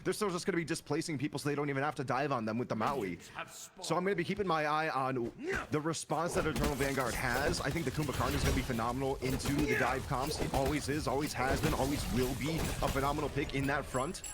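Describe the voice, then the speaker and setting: A man casting an esports match, calling the play quickly and excitedly, with laughs between plays. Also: mid-range voice, background noise. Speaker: play-by-play caster. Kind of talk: esports commentary.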